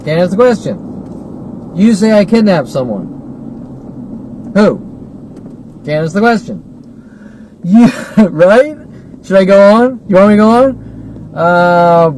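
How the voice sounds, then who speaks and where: A vlogger in his forties, with a high but darkish-toned voice, rants in a monologue while driving. He's agitated and repetitive, firing off rhetorical questions, and the car recording is noisy.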